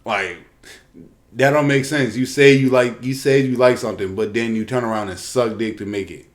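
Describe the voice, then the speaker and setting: A man's voice: mid-range voice, normal speed. Profane, ranting young man. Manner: profane, ranting, animated impressions of others. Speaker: podcast co-host. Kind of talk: casual podcast rant.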